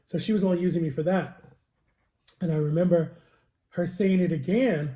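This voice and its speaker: In an echoey, roomy home setup, a man tells a rambling personal story for his casual vlog, sharing it confidingly. His warm voice is a little high, and his speed is normal.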